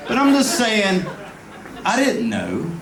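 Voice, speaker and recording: A man's voice: high voice, huge pitch swings, takes it slowly, a bit bright, soft background music, a faint crowd. A man giving a rambling, emotional birthday toast to a friend at a party, often laughing. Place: party venue. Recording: echoey room mic from far off with noise.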